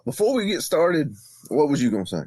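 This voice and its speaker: A man's voice: a little high, big pitch swings, brisk, darkish tone, husky, no room sound. Male co-host, teasing and easygoing, dry close-mic sound. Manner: teasing, laid-back. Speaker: podcast co-host. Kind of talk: casual banter.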